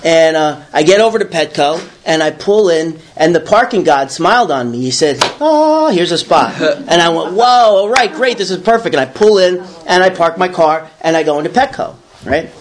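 A man's voice: fairly high pitch, moderate pace, few pauses, slight background noise. A man from the Bronx telling a personal story to listeners, acting out the voices in his head. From the Bronx, New York. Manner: animated, acts out his own inner voice. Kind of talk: storytelling to a small audience.

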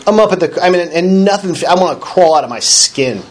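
A man's voice: high-pitched, animated, a little fast. A middle-aged man speaking at a recovery meeting, telling his own story in a conversational way, with frequent restarts and wry, self-deprecating humor. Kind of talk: personal recovery talk.

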